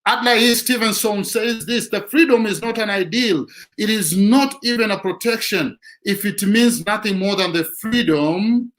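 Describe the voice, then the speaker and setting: A man's voice: sits high, normal speed, few pauses, a bit bright, poor audio. A man giving a motivational talk who repeats his key lines for emphasis. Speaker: motivational speaker.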